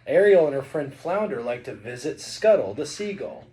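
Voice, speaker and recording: A man's voice: mid-range voice, big pitch swings, normal speed, a little mellow. A man reading a picture book aloud to his child, playful and chatty between passages. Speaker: father reading a bedtime story.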